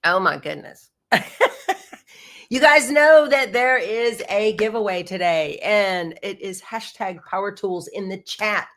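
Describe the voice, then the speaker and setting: A woman's voice: medium pitch, lively intonation, takes it slowly, fairly bright tone. A middle-aged woman, hosting a quilting livestream in a bubbly, chatty way. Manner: chatty, bubbly, says y'all. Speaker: quilting show host. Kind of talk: casual livestream chat.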